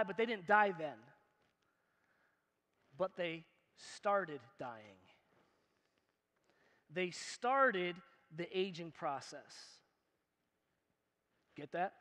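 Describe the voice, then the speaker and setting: A pastor with a high, bright, ringing voice preaches in a church. He talks to the crowd like a friend, throwing out questions and jokes. The sound carries a long hall echo. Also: animated, extremely slow, long pauses. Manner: emphatic and conversational, asks the crowd questions, jokes. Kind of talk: sermon.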